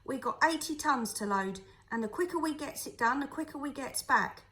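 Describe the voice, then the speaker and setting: Woman reading as a gruff barge boss, loud commands, brisk, higher voice than usual for a man. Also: expressive. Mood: ordering. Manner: barking orders loudly. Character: gruff bossy man, a coal-barge master.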